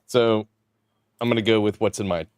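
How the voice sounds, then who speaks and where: A man's voice: lowish voice, fairly even intonation, normal speed, a little mellow, clear, resonant tone, dry recording. A man co-hosting a casual film chat, hesitant and full of fillers. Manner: hesitant, many fillers like "you know" and "um". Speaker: podcast co-host. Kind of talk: casual chat about films.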